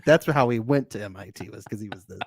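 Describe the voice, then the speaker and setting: A man's voice: on the low side, quick pace, vocal fry, breathy edge, dry recording, clean studio sound. A man co-hosting a podcast, playfully recapping a show with laughs and mock voices. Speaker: podcast co-host. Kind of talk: casual recap banter.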